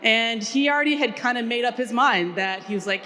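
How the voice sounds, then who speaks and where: A woman from Minnesota on a panel, chatty and animated, with many fillers. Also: on the high side, fairly quick, hardly any pauses, a little hiss or hum. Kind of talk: panel discussion storytelling.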